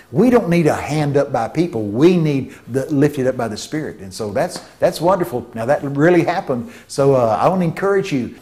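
A man preaching a sermon, telling stories with vocal sound effects and swinging between hushed tones and shouts. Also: mid-range voice. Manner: shifts from hushed to shouting for emphasis.

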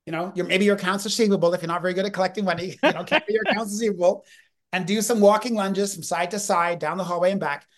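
High-voiced and fast, a man in his fifties guests on a podcast, spinning energetic stories. He keeps cutting himself off mid-sentence and starting again.

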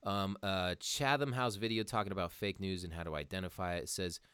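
A man's voice: sits low, a little fast, a bit bright, clear, resonant tone, dry recording. A young man hosting a casual show, ranting heatedly with lots of swearing and calling listeners "dude". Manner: heated, profane, says "dude" a lot. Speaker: podcast host. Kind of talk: casual profane monologue, reading articles aloud.

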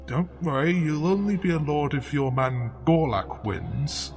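A man doing a slow, gravelly old tutor. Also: on the high side, expressive, darkish tone, soft background music. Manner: slow, measured, formal. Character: grave elderly male magic tutor. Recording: long hall reverb.

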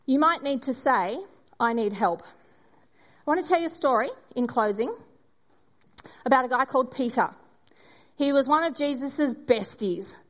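A woman giving a sermon, telling a story and acting out its voices with dramatic pauses. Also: sits high. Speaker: preacher.

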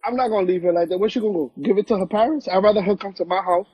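A man's voice: high voice, racing, breathy edge, no room sound, highs cut off. A young man co-hosting a podcast over a phone live stream, talking in a brash, profane, emphatic way. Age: young adult. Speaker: podcast co-host. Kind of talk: casual chat. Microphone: phone on an Instagram live stream.

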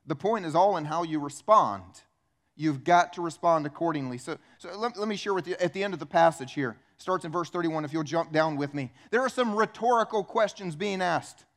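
Male pastor preaching, high voice, punchy rhetorical questions, fired up. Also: brisk. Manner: animated, emphatic, rhetorical questions. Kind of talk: sermon.

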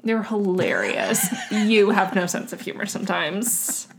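A woman's voice: mid-range voice, big pitch swings, a little slow, vocal fry, slight background noise. A woman from the United States co-hosting a podcast in casual chat, wry and self-deprecating. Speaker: podcast co-host.

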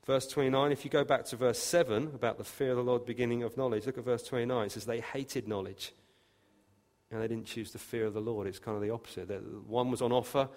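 A man preaching a sermon, emphatic, with his voice lifting and growing louder when he quotes scripture. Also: mid-range voice, fairly even intonation, quick pace. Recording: long reverb of a hall.

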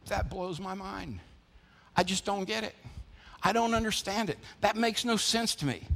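Speaking at a normal speed, a high-pitched, slightly bright-voiced pastor from the American South delivers a sermon inside a church. Rhetorical questions and call-and-response keep his listeners involved, while the sanctuary adds a long reverb.

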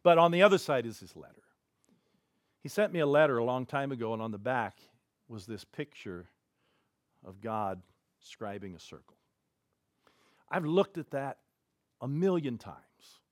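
A man preaching as a pastor, telling a story in an animated way with big swings in loudness. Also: fairly high pitch, no room sound, studio quality. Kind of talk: sermon storytelling. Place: church.

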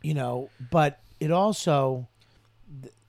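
Earnest, profane guest comedian. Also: male voice, on the high side, slow, vocal fry, a little mellow, dry recording. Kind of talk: casual chat.

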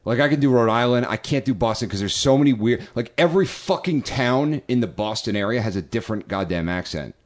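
A man's voice: mid-range voice, expressive, brisk, few pauses. A man co-hosting a casual comedy podcast, wry and self-deprecating, swearing freely. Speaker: podcast co-host.

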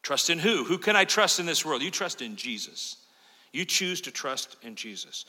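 A man's voice: on the high side, sing-song, normal speed. Impassioned preacher man in a reverberant sanctuary. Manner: impassioned preaching, swinging between loud urgent peaks and quiet asides. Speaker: pastor. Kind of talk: sermon. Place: church sanctuary. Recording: long hall reverb of a church sanctuary.

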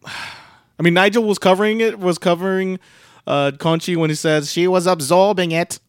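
A man's voice: high voice, steady tone, normal speed, smooth, no echo, studio quality. A young man co-hosting a casual podcast, recapping a show in a rambling, filler-heavy way with sarcastic asides. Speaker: podcast co-host recapping wrestling. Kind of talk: casual chat.

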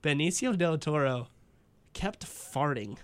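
A man's voice: fairly high pitch, animated, slow, fairly bright tone. A man hosting a casual chat, rambling with lots of fillers and laughing often. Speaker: podcast host.

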